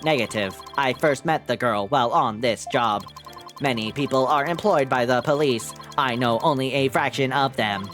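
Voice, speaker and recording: A man doing a flat, clipped bomb expert. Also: medium pitch, moderate pace, faint music behind, lightly acted. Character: calm terse male bomb disposal expert.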